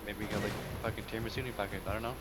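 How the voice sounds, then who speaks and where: Fast-talking low-voiced guy on voice chat. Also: little pitch movement, a bit bright. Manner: rapid, mumbly, swears freely. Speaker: friend in voice chat. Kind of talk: casual gaming banter. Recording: noisy voice-chat audio.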